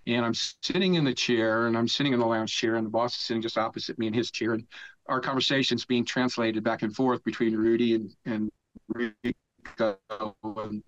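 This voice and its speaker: A man's voice: medium pitch, steady tone, normal speed, fairly bright tone, no echo. An older man from the United States, a podcast guest, telling a rambling, profane story in casual talk and laughing as he goes. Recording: dull lo-fi dry sound.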